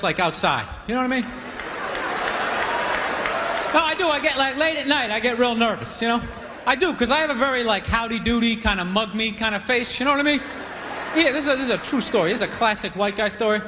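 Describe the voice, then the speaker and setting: Man, stand-up comedian, rambling animated delivery, high-pitched, echoey live club. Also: noisy background. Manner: rambling and animated, full of "you know" asides. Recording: live club recording with reverb and crowd.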